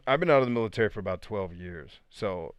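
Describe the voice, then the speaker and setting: A man in his thirties hosting a casual live podcast, answering viewer questions with animated storytelling, frequent laughs and quiet asides. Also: lowish voice, a little fast, no room sound, muffled recording.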